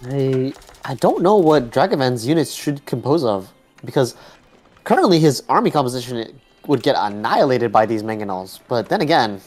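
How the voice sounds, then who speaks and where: A man's voice: mid-range voice, expressive, moderate pace, a little mellow. A man co-commentating a strategy game tournament live in a casual, keen way. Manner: casual, keen, filler-heavy. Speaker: co-caster.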